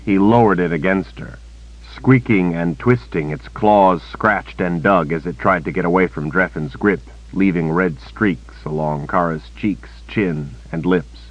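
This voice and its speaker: A man narrating an audiobook in a steady, measured reading. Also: low-pitched, no room sound. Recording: dull lo-fi cassette recording.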